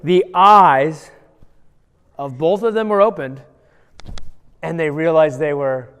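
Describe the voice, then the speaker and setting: A man teaching a children's church class, quizzing the kids with quick questions as he retells a Bible story. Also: a little high, a bit bright, clear, resonant tone. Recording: long hall reverb.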